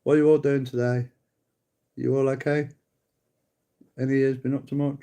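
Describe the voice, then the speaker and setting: A man's voice: medium pitch, little pitch movement, moderate pace, warm tone. A middle-aged man hosting a livestream, casually bickering and swearing at a viewer, calling him mate. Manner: bickering, sweary, mocking, calls people mate. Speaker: livestream host.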